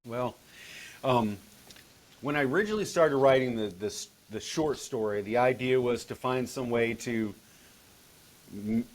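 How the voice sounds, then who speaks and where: A man chats loosely about his writing as a podcast guest. He rambles, circles back and restarts his sentences often, at an everyday middle pitch. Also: moderate pace. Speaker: guest author. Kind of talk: casual podcast chat.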